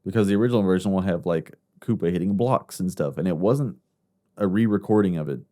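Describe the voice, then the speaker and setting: A man's voice: deep voice, quick pace, warm tone. A man co-hosting a podcast, mostly chiming in with short agreements and now and then explaining film trivia in casual chat. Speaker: podcast co-host. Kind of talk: casual movie review chat.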